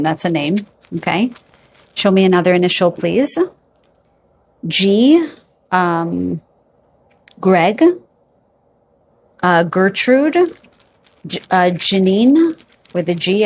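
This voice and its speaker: A woman giving a pick-a-card psychic reading to camera, feeling her way through names with hesitations and gently reassuring her viewers. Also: lowish voice, slight background noise. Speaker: tarot card reader.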